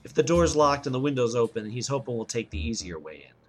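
A man voicing a resourceful male troubleshooter who gives calm, measured warnings. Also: mid-range voice, soft background music, natural voice. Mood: cautious.

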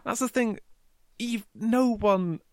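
A man's voice: very high voice, slow, a little mellow, no room sound. Guy cohosting a podcast, laughs a lot, swears casually, dry close mic. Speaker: podcast co-host. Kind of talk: casual book discussion.

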